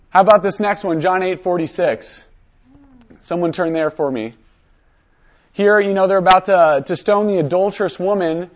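A man teaching a high school Bible lesson, coaxing students to read aloud with conviction. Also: moderate pace.

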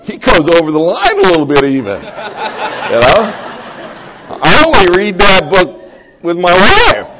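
Heavy background noise surrounds a middle-aged pastor's sermon. He shifts back and forth between hushed, slow prayer and loud, high, excited exhortation.

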